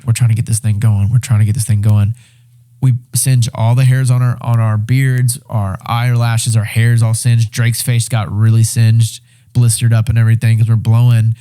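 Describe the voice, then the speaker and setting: A young man, a podcast guest, excitedly retelling a survival story in casual, animated talk with swearing and restarts. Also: mid-range voice, normal speed. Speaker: podcast guest, reality show winner.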